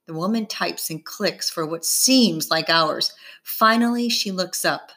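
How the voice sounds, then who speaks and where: A woman reading a novel aloud in first person, giving gentle voices to the characters. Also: fairly low pitch, a little slow, few pauses. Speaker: audiobook reader. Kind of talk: first-person audiobook narration.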